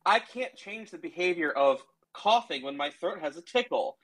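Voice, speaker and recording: A man's voice: a little high, animated, moderate pace, a bit bright. A man in casual argumentative banter on a call, lecturing his co-host in a mock-patient tone. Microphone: remote call mic.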